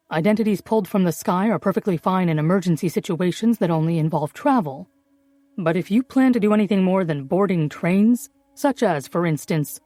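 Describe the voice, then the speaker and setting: A woman's voice: on the low side, warm tone, no room sound, natural voice. A woman doing a dry, condescending male forger.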